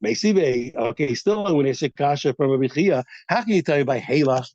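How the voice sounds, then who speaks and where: A man teaching a daily Talmud class, animated and repeating phrases as he thinks aloud, on a dull lo-fi recording. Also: fairly high pitch, moderate pace, no echo.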